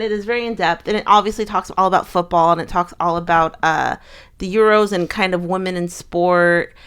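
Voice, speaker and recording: A woman's voice: lowish voice, a bit bright, smooth. A young woman co-hosting a casual chat, rambling along with many fillers and restarts. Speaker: co-host of a fan channel.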